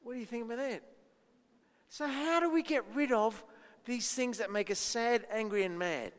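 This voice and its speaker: A man leads a children's talk in church, coaxing the kids with playful questions. His voice sits fairly high for a man. The long echo of a large church hall trails each phrase. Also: moderate pace, clear, resonant tone. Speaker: children's minister.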